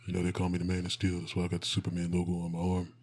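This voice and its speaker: A man putting on a boastful celebrity athlete, very deep, dead-flat delivery, husky, laid-back. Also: very fast. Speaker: podcast co-host. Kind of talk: comedic impression in casual podcast.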